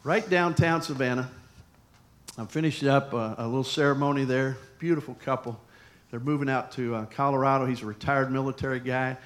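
A man preaching a sermon, telling a personal story in a conversational way with sudden loud emphasis. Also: mid-range voice, fairly even intonation, fairly quick.

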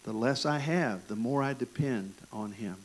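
A man with an East Tennessee Southern accent preaching a sermon, folksy and animated, with jokes and asides to the congregation. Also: mid-range voice, moderate pace, breathy edge, poor audio. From Michigan. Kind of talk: sermon with personal stories.

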